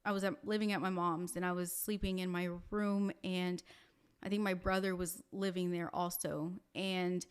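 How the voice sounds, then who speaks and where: A woman telling a personal story in a casual podcast chat, animated, with many fillers, acting out the voices of the people in it. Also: lowish voice, moderate pace, clear, resonant tone.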